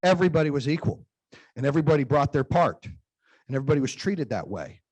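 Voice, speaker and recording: A man's voice: on the high side, very animated, quick pace, a little mellow, no room sound. A man in his forties, host of a business talk show, telling personal stories in an emphatic, conversational way and often asking "right?". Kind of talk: motivational storytelling.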